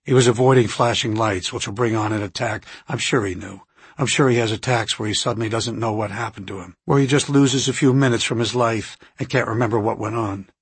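A brisk male doctor in an audiobook scene, as a male narrator puts him on, barking short orders. The voice is husky and sits a little low. The sound is close and dry. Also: no echo. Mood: tense. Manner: quick, clipped orders.

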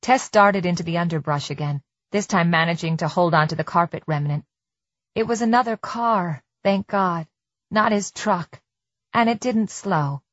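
A woman narrating an audiobook in a measured, tense storytelling manner. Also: lowish voice, fairly bright tone, no room sound. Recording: slightly dull dry studio recording.

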